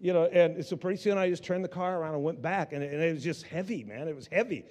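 A man's voice: on the high side, fast, a little mellow. A man preaching a sermon with passion, often stumbling and restarting his phrases. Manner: impassioned preaching with many restarts. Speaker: pastor. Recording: long hall reverb.

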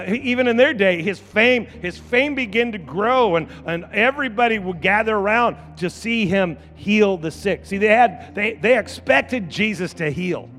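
A man preaching a sermon as pastor, repeating phrases and building to loud shouts. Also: high voice, in a large hall. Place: church.

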